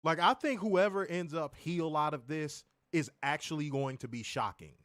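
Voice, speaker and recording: A man's voice: on the high side, normal speed, dry recording, studio quality. A man co-hosting a wrestling review podcast, talking casually with lots of profanity, jokes and teasing. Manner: profane, animated, joking, teasing. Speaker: wrestling show co-host.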